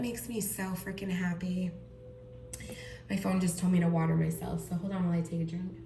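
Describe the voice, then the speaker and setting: A woman giving a pick-a-card tarot reading, excitable and gushing, full of gasps and fillers. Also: lowish voice, fairly quick, roomy sound, a little hiss or hum. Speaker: tarot reader.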